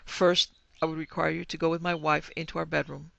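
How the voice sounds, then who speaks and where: A man playing a skeptical German businessman who speaks in a stiff, formal way, with a gravelly, fairly high voice. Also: flat delivery, a little fast, a bit bright, no echo, muffled recording. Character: skeptical middle-aged male German businessman.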